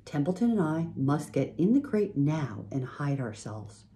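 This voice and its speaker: A gentle, wise spider from a storybook, speaking softly and in measured phrases, as a woman reads her. The tone is calm and assured, a little lighter than a plain reading voice. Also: low-pitched. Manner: soft and measured.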